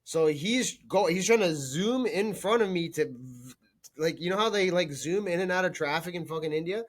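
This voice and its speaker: A man's voice: sits high, animated, normal speed. Blunt, foul-mouthed man. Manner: blunt, crude and profane, laughs through his stories. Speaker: podcast guest. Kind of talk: casual storytelling.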